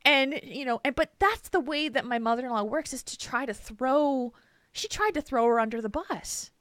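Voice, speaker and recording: A woman hosting a podcast, telling a story in an animated, emphatic way and laughing often. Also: high-pitched, normal speed, no echo. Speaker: podcast host. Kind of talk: casual chat, storytelling.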